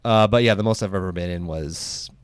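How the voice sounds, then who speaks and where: A man's voice: low-pitched, a little fast, clear, resonant tone, dry recording, clean studio sound. A young man hosting a casual podcast, telling stories in a rambling way full of fillers and restarts. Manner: rambling, filler-heavy storytelling. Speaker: podcast host. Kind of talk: casual chat.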